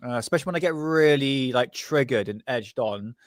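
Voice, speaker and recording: A man's voice: mid-range voice, brisk, no room sound. Rambling Bristolian man with a dry close sound. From Bristol, England. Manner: rambling, laughs often. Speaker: podcast host. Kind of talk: casual chat.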